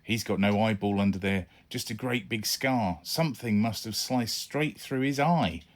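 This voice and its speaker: A man's voice: lowish voice, normal speed. A man reading his own children's adventure book aloud, narrating chattily in the first person as a young boy.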